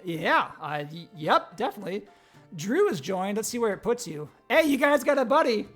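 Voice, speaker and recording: A man's voice: sits high, big pitch swings, moderate pace, a bit bright, faint music behind. A man hosting a game stream, reading the story text aloud and chatting with players between passages. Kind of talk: game narration and casual chat.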